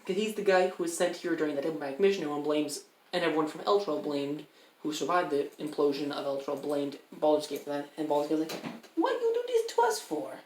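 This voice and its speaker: A man's voice: fairly high pitch, steady tone, fast talker. A man running a tabletop game as game master, explaining at length and correcting himself as he goes. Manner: rambling, self-correcting explanations. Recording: roomy, distant mic, faint noise.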